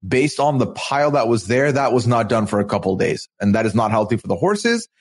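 A man in casual podcast chat, speaking at an ordinary pitch but with a lively, bouncing delivery. He stumbles into restarts and jumps up into exaggerated voices when he quotes people. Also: slightly rough. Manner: animated, halting restarts, acts out quotes. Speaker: podcast co-host.

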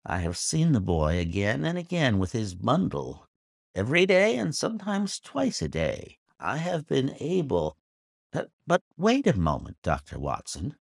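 A man voicing a pompous, irascible old squire who talks in an indignant, excitable, declamatory way in a storybook reading. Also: medium pitch, measured pace, creaky, dry recording, studio quality, pitched above the performer's own voice, heavily acted. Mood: excited.

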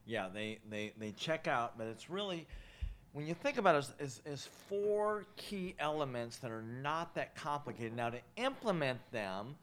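A man's voice: mid-range voice, very animated, moderate pace, fairly bright tone, slight background noise. A man talking on a casual podcast as a marketing guest, earnest and repeating words as he explains.

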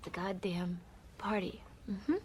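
An actress playing a wounded society wife in a film scene, repeating herself in clipped, hurt lines. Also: female voice, mid-range voice, animated, measured pace, dark tone, a little hiss or hum, lightly acted. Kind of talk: film dialogue. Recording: movie clip with clinking dishes behind. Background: clinking cutlery and dishes.

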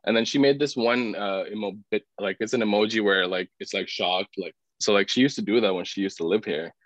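A man with a fairly low, fairly bright voice recounts a personal story on a podcast at a brisk pace. His speech is heavy with "like" fillers and he voices other people's words, all in dull, dry podcast audio.

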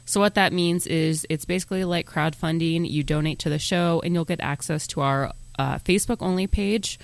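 A man's voice: a little high, normal speed, vocal fry, no room sound. A man hosting a podcast, chatting casually and plugging the show between jokes. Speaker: podcast host.

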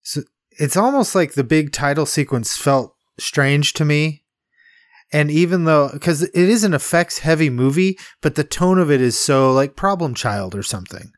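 A man's voice: fairly high pitch, expressive, normal speed, no echo. Rambling man with a dry close sound. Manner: rambling, laughs often, acts out quotes. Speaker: podcast co-host. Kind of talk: casual movie review chat.

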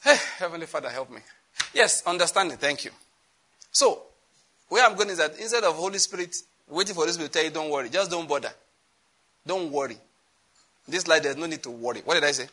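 A preacher delivers an animated sermon, acting out little exchanges as he goes. His voice sits a little high and rings bright and forceful. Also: fast, long pauses. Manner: animated, laughing, acting out dialogue.

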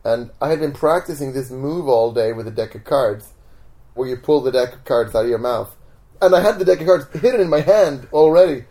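Animated man telling a story. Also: medium pitch, fairly quick. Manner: animated, acts out voices in his stories. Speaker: magician guest. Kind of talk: casual storytelling in interview. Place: home.

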